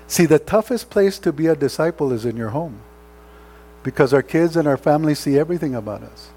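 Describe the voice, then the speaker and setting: Male pastor, sermon, mellow tone, slightly high voice, earnest, conversational. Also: animated, fairly quick, slightly rough. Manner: conversational, rhetorical questions; earnest, exhorting.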